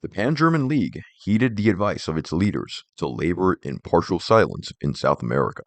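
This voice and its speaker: A man reading a nonfiction book aloud in a measured, formal narration, speaking the quotation marks as he goes. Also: low-pitched, very animated, dry recording. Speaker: audiobook reader.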